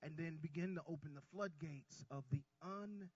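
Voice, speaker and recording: A man preaching a sermon, swinging from soft asides to loud cries and calling the congregation y'all. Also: on the high side, fast talker, no echo, highs cut off.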